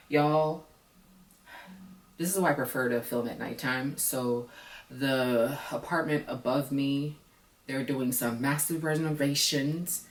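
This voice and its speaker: Low-voiced woman ranting in an echoey room. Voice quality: blunt, profane, sassy. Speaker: reality TV reviewer. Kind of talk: casual ranting recap. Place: apartment at night, noisy renovations upstairs. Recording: echoey room, mic at a distance.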